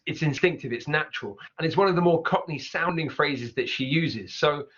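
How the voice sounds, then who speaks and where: A man teaching pronunciation, repeating words slowly to demonstrate sounds. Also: on the high side, a bit bright. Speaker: accent teacher. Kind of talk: explaining pronunciation over clips. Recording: dull lo-fi sound.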